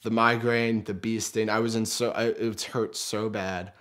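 A man's voice: fairly low pitch, measured pace. A young man telling a story in a casual, self-mocking way, acting out what he and his friends said. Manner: animated, self-mocking, acts out quoted lines.

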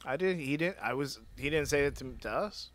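Male livestream host, bright tone, slightly high, rambly and halting. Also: expressive. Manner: rambling, halting explanations with restarts. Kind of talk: casual chat. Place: home studio with soundboard.

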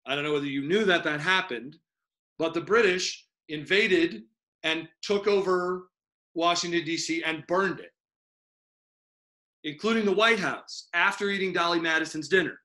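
A man teaching an online history class in an animated, joking, rambling way over a video call. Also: fairly high pitch, moderate pace.

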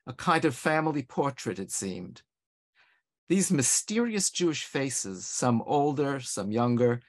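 An older man from Long Island, United States, narrates a true story as a presenter. His mid-range voice builds and drops with theatrical emphasis, slowing to linger on key phrases. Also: mid-range voice, fairly bright tone. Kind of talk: scripted dramatic narration.

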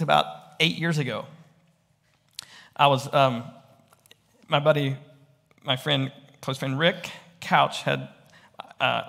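A man's voice: a little high, gravelly, sharp tone. A man preaching a storytelling sermon in a conversational, rambling way, often checking in with the listeners. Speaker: pastor. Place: church. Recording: echoey church hall.

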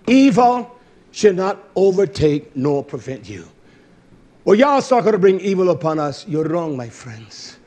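A man preaching a fiery sermon, cursing and shouting, then dropping to low muttering. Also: slightly rough. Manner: shouting, cursing and swinging between loud outbursts and low muttering. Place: religious feast gathering.

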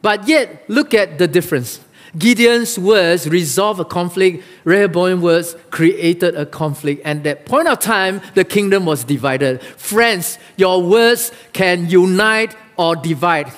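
A male pastor preaching a sermon in a church, lively and acting out the Bible quotes. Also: a little slow. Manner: animated, acts out Bible quotes with rising pitch. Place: church sanctuary. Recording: long reverb of a large hall.

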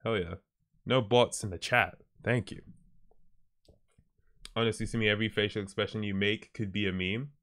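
A man's voice: lowish voice, steady tone, normal speed, pauses often, a bit bright. A man livestreaming who chats casually with his viewers, laid-back and often chuckling as he reacts to their posts. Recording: stream with faint background music.

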